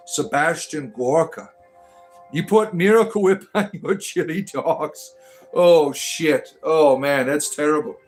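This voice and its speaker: With a fairly high-pitched voice, a man from Detroit, Michigan hosts a casual livestream, reading comments from chat aloud and replying in a rambling, hesitant manner with frequent fillers and restarts.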